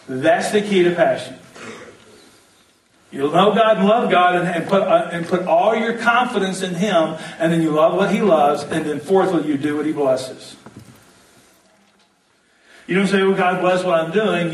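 A high-voiced male pastor delivers an animated, joking sermon and has the congregation repeat lines back to him. He is heard in a roomy, echoing church hall, a little distant from the mic. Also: measured pace, long pauses.

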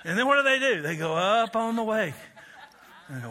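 Male pastor, sermon delivery, lively storyteller, bright high tone. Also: a little fast. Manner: animated storytelling with acted-out voices and shouts; builds to loud shouts, drops to quiet asides.

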